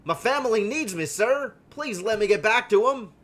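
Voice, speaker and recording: A man's voice: high-pitched, animated, moderate pace, fairly bright tone, voice pushed up. A man putting on a pleading British working father. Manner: put-on British accent, begging.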